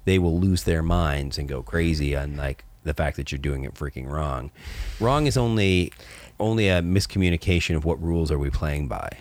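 A man co-hosts a podcast in loose, casual chat, his voice sitting extremely low. He rambles and restarts his sentences in a playful way. The sound is dry and close, with no room around it. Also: normal speed, no echo. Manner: rambling, self-correcting, playful. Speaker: podcast co-host.

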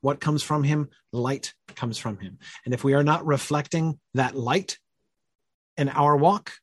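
A man's voice: a little high, a little slow, slightly rough, no room sound. A man leading a conversational Bible study, thinking aloud with many fillers and checking questions.

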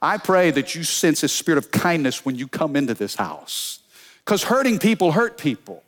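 A man preaching a sermon as pastor, energetic, telling funny stories and calling out to the congregation. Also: on the high side, moderate pace. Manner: energetic preaching with call-and-response; storytelling with humor.

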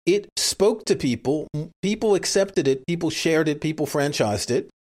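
A man's voice: on the high side, animated, normal speed, darkish tone. Wry New podcast co-host, a man. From New York City. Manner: wry, joking. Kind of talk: casual podcast discussion.

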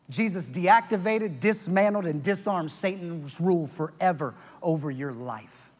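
High-voiced preacher in a reverberant hall. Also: male voice, slight background noise. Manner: impassioned, swings from loud to hushed for emphasis. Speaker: pastor. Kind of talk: sermon. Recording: long church-hall reverb with faint music.

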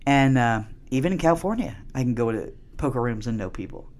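A woman's voice: rumbling low, expressive, quick pace, a little mellow. A middle-aged woman and comedian, a podcast guest telling rambling, profane stories with many restarts in a casual interview.

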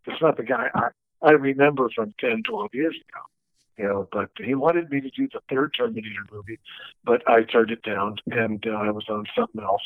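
A man telling stories from his career as a stunt coordinator, animated and acting out the dialogue he quotes. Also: medium pitch, fairly quick, no echo. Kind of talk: storytelling interview. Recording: dry, tinny phone-like line.

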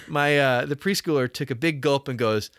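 A man's voice: fairly high pitch, no echo, studio quality. A middle-aged man hosting a podcast in casual chat, joking at his own expense and often restarting his sentences. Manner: animated, jokey, self-deprecating with frequent restarts. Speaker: podcast host.

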